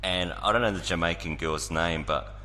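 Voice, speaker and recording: Casting: low-voiced joking man, lively delivery, reverberant recording. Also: moderate pace. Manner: joking, animated storyteller. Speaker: podcast co-host. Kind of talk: casual podcast chat. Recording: long reverb on the voice.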